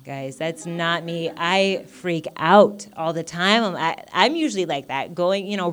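A woman teaching faith in a casual, heartfelt sermon, full of fillers and personal stories. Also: fairly low pitch. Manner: rambling and heartfelt, many fillers. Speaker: Bible teacher.

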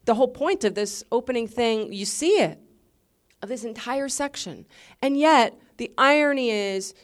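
A woman teaching a Bible lesson in a passionate, emphatic sermon style, full of rhetorical questions. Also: a little high.

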